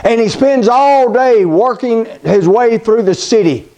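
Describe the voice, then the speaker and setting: A preacher with a high voice for a man tells a scripture story in a folksy, dramatic way. He calls his listeners buddy and slows down to build tension. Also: expressive, mellow. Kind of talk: sermon storytelling.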